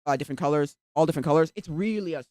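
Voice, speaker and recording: A live streamer chatting casually while browsing at the computer, rambling and filling every pause with "like". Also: medium pitch, a little mellow, no echo, studio quality. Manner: rambling, heavy use of "like".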